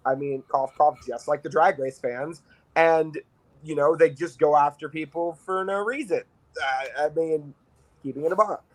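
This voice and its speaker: Blunt ranting man, slightly high voice. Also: moderate pace, poor audio. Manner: blunt, ranting, swears casually. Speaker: podcast co-host. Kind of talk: casual chat.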